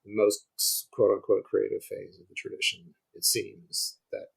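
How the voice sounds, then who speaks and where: Gravelly-voiced man explaining ancient music. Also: fairly low pitch, monotone, normal speed, poor audio. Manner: thinks aloud, restarts often, demonstrates on guitar. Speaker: guest scholar of ancient music. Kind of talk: conversational explanation.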